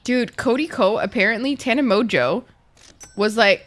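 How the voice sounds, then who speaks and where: A woman's voice: fairly high pitch, normal speed, fairly bright tone. A woman streamer chatting casually and swearing a lot while playing a game and talking to her chat. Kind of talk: casual gaming livestream chat.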